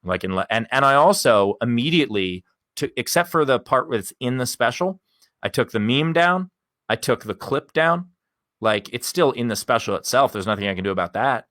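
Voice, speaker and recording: A man's voice: mid-range voice, animated, normal speed, fairly bright tone, dry recording, clean studio sound. A male comedian telling a long story on a podcast in a candid, rambling way and swearing casually. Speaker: guest comedian.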